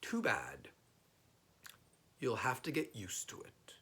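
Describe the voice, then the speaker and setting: A man's voice: mid-range voice, huge pitch swings, slow, sharp tone, husky, full character voice. A man playing a clever, teasing folk hero.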